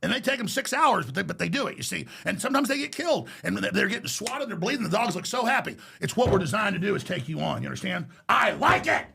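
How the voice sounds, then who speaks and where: A man's voice: sits high, very animated, fast, few pauses, fairly bright tone. A man speaking as a podcast guest, ranting in a defiant, combative way. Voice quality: gravelly. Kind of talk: heated interview talk.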